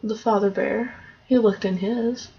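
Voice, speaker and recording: A woman's voice: mid-range voice, steady tone, a little slow, creaky, warm tone, breathy edge. A woman casually retelling a fairy tale in a loose, conversational way, on a dull lo-fi recording. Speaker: storyteller.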